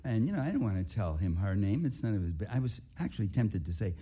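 A man speaks to an audience in a low, warm voice. He tells his stories in a rambling way, with restarts and asides, and he sounds indignant as he goes. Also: big pitch swings, quick pace. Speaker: writer and activist speaker. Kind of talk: public talk with anecdotes.

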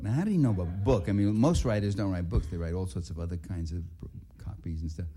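Mellow low-voiced man telling stories. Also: fast, hardly any pauses, slightly rough. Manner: rambling storytelling with restarts and asides. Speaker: writer and activist speaker. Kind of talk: public talk with anecdotes.

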